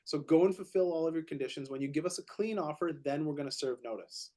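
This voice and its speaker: Male podcast co-host, higher voice, animated storyteller who restarts and repeats words. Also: fast talker. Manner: animated, repeats words when excited, acts out quotes. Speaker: podcast co-host, real estate agent. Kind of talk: casual storytelling chat.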